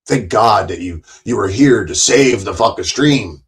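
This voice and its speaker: A man with a fairly low voice rants on a livestream. He swears nonstop and turns sarcastic and mocking. He keeps hammering his points by repeating them. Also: expressive, normal speed, few pauses. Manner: angry, sarcastic, swears constantly. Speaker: livestream host. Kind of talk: profane livestream rant.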